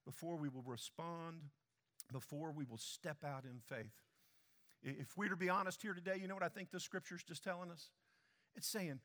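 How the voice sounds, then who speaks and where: In a church sanctuary, a pastor preaches a sermon emphatically, putting questions straight to the congregation. His fairly high, fairly bright voice moves at a moderate pace and echoes through the large hall.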